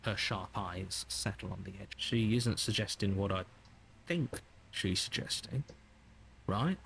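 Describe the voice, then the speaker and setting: An actor voicing a calm male narrator in a video game, speaking in measured second-person narration. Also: lowish voice, creaky, slight background noise.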